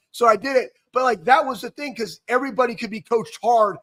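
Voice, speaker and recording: High-voiced man telling animated sports stories. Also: fast, few pauses. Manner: animated, rambling with restarts and laughs. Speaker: co-host, former football player. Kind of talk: casual sports talk storytelling.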